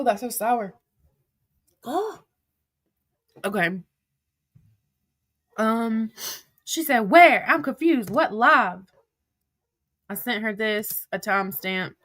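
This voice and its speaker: A young woman livestreaming, her higher voice bright and sharp. She reads text messages aloud and rants in a heated, profane way. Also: slow pace, pauses often, no room sound. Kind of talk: livestream, reading texts aloud.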